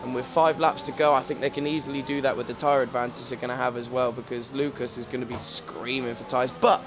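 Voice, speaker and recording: Excitable male racing commentator, sweary and jokey, noisy stream audio. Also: mid-range voice, fast talker. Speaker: race commentator.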